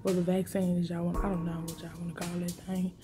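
A woman's voice: on the low side, completely flat delivery, quick pace, over music. A woman talking casually and emotionally to her vlog viewers, rambling in slangy speech from a car. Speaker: vlogger.

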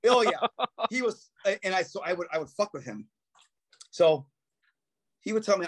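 Male musician guest, slightly high voice, casual raunchy anecdotes. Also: very animated, normal speed, long pauses. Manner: profane storytelling, acts out quotes, laughs often. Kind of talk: casual podcast chat.

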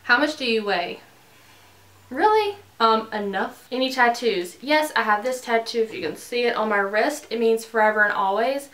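A woman's voice: fairly high pitch, moderate pace, hardly any pauses, a bit bright. Young woman, casual home vlog, bubbly and rambling, talks straight to camera. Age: young adult. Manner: chatty, bubbly, rambling with many fillers. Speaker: beauty vlogger. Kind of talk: casual chat. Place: bedroom in her house.

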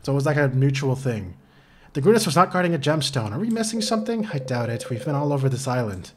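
A man hosting a casual let's play, talking excitedly to himself and swearing freely as he plays. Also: mid-range voice, fast talker, a crowd in the background. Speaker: gaming channel host.

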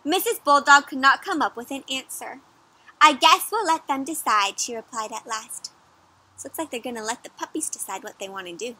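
A young woman reading a picture book aloud for children, animated, often pausing to ask her listeners questions. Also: on the high side, husky. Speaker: children's storyteller. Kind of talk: interactive read-aloud for kids.

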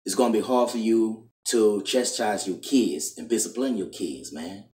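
A man's voice: on the low side, normal speed, dark tone, distant mic. A man lecturing straight into his camera in a scolding, insistent tone, tacking "man" onto the end of his lines. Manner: repetitive, keeps ending lines with "man". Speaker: video preacher. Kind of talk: preachy monologue to camera. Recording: echoey room, voice off-mic.

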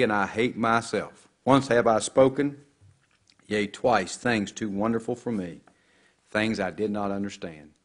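A man's voice: fairly low pitch, a little slow. A man preaching a sermon, quoting scripture with rising and falling emphasis.

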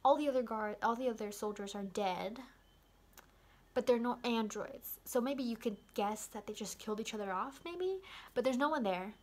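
A young woman casually recapping a film's ending, rambling with lots of "like" and excited asides. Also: on the high side, normal speed. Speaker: vlogger.

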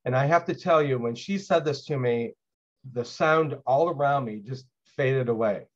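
A man's voice: mid-range voice, normal speed, lo-fi sound. A man giving a lecture as an LGBTQ+ speaker, telling a personal story in a conversational way with frequent filler sounds. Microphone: video call.

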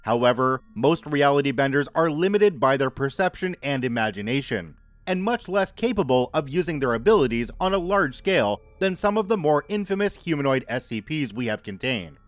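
A man narrating a scripted horror story in a measured, even reading voice. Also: medium pitch, dry recording.

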